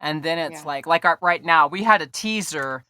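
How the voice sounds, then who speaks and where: A woman's voice: sits low, normal speed, bright, forceful tone, clear, resonant tone, no echo. A woman hosting a podcast interview, chatty and playful, laughing often. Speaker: podcast host. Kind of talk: casual interview chat.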